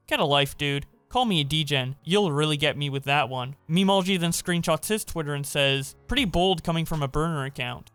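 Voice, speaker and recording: A man hosting a commentary channel, giving scripted narration and reading tweets aloud in a steady voice. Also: a little high, smooth, no echo.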